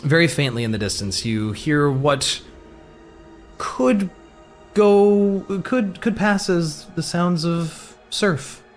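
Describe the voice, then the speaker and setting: A man narrating a tabletop game as game master, in a halting, thoughtful way. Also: fairly high pitch, expressive, faint music behind.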